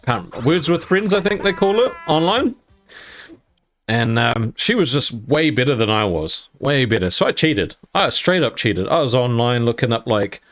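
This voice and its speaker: A young man casually telling a jokey story, swearing now and then and acting out what people said. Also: mid-range voice. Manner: animated, jokey, swears casually, acts out quotes. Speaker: gaming YouTuber.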